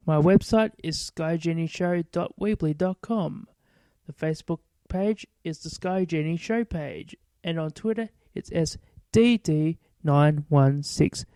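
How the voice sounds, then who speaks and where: A man's voice: a little high, a little slow, warm tone, clean tone, no echo. A man hosting his own show, giving a casual, blunt wrestling review and swearing freely. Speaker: podcast host.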